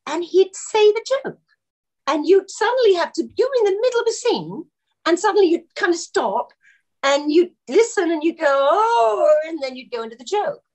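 Middle-aged woman, actress guest on a podcast, lively anecdotal storyteller. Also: very high-pitched, a little fast. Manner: chatty anecdotal storyteller, laughs often. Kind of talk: casual podcast interview.

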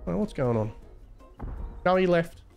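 A young man chats on a live stream, his voice sitting fairly high. He teases and mocks the players he talks to, keeping a playful, goading tone throughout. Light music plays faintly behind him. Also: sing-song, unhurried, vocal fry, darkish tone. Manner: teasing, mocking, playful. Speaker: game server admin streamer. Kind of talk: casual live-stream chat.

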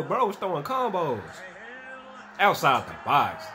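A young man reacting to sports clips in a loose, slangy way, his voice climbing and dropping all over as he gets hyped. His pitch sits a little high for a man. Faint music plays underneath. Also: a little slow. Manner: excitable, slangy, shouts and laughs at highlights. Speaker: reaction video host. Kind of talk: casual reaction commentary.

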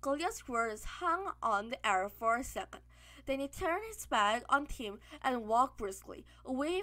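A woman reading a children's novel aloud as an audiobook, in steady narration with frequent slips and restarts. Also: high-pitched. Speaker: audiobook reader.

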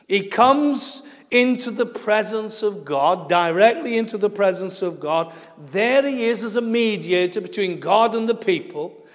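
An English pastor delivers his sermon in an emphatic, driving way, hammering home phrases by repeating them. His voice sits high for a man. The sound carries a long, echoing church reverb. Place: church sanctuary.

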